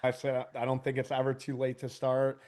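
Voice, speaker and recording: A man in his forties, a business owner guest on a podcast, telling casual stories in an animated way, laughing often and swearing freely. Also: medium pitch, fairly quick. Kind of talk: casual storytelling.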